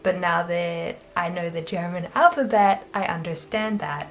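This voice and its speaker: A woman's voice: lowish voice, normal speed. A young Australian woman vlogging in a casual, chatty, self-deprecating way, laughing often. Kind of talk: casual chat to camera.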